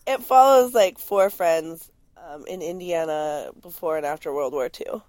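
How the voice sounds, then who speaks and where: A woman's voice: sits low, a little slow, darkish tone, no echo. A woman co-hosting a podcast in casual chat, playful and rambling with lots of fillers and laughter. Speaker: podcast co-host.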